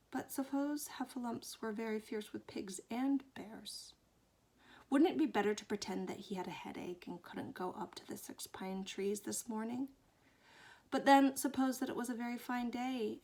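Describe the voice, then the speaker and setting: A woman reading a children's book aloud, expressive and fond, often dropping into hushed whispers. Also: a little high. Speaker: storyteller.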